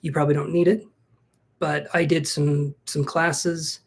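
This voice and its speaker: A man's voice: on the high side, little pitch movement, measured pace, gravelly. A man hosting a casual live-stream tarot reading, chatty and self-joking, thinking aloud as he greets viewers and shuffles cards. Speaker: tarot reader.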